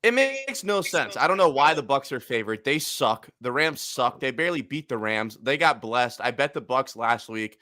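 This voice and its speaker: A man's voice: medium pitch, very animated, moderate pace, few pauses, bright, forceful tone, no echo, studio quality. A brash man hosting a casual football betting chat, swearing and trash-talking teams. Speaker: sports betting podcast host.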